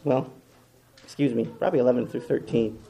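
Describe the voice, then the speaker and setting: A man preaching a sermon with passion, swinging between loud, emphatic repetition and hushed, quiet lines. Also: mid-range voice, brisk, vocal fry, a little hiss or hum.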